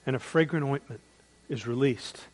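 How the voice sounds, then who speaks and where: A man preaching a sermon as pastor, swinging between loud, emphatic peaks and hushed, quiet drops. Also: mid-range voice, normal speed, poor audio. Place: church.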